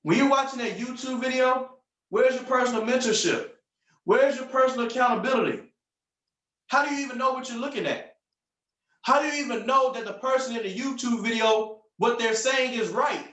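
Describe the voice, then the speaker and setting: Upbeat male sales coach, high voice, punchy delivery with lots of repetition, recorded off-mic in a roomy space. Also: fairly bright tone, far from the mic. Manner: upbeat, punchy, repeats phrases for emphasis. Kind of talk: motivational coaching on a group call.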